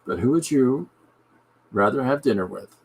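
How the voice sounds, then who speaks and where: A man's voice: mid-range voice, expressive, normal speed, vocal fry, a little hiss or hum. A man hosting his own podcast, chatting casually and jokily while he draws a comic. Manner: rambling, jokey asides. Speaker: podcast host and comic artist. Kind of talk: casual chat while drawing.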